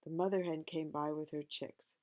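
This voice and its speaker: A woman's voice: low-pitched, fairly even intonation, moderate pace, darkish tone, a little hiss or hum. A woman reading a picture book aloud to a child, chatting about the pictures as she goes.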